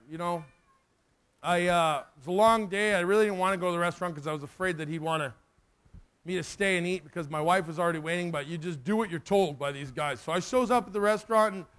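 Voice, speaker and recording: Male preacher, high voice, emotional storyteller in a sermon. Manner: emotional, animated storyteller who acts out the dialogue.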